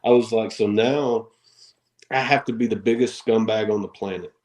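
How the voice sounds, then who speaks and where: A man, a wrestler guest on a podcast, telling stories in an animated way, acting out quotes and laughing often. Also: fairly low pitch, normal speed, low-quality recording. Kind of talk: casual storytelling interview.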